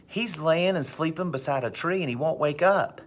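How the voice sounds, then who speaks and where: A man voicing a four-year-old boy who keeps pleading with his father, his pitch raised into a childlike register. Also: normal speed, lightly acted. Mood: excited. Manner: pleading, repeats "Daddy, Daddy". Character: little boy, four years old, earnest.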